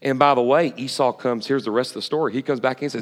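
A man's voice: medium pitch, fast talker, big-room sound. A man preaching a sermon, retelling a story and questioning the audience. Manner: animated, asks the audience questions.

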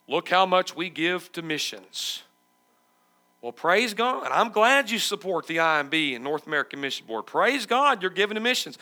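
Preacher man, high raspy voice, keeps asking the church stuff. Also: sharp tone. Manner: emphatic, asks the congregation questions. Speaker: pastor. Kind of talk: sermon.

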